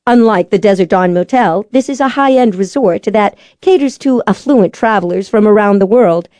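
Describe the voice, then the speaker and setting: Female audiobook narrator, measured and even; mellow voice, dry studio sound. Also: mid-range voice, dry recording.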